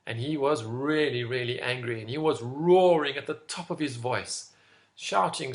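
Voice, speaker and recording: Gravelly man leading a school assembly. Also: mid-range voice, moderate pace. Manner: animated, addressing children. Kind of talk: school assembly talk with storytelling.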